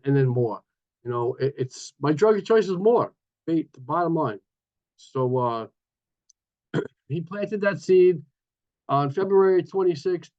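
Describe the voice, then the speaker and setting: A man in his sixties from New York, sharing his recovery story at a meeting in a lively, joking way over a video call. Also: on the high side, muffled recording. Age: 60s. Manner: lively storytelling with playful asides. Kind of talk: personal recovery share.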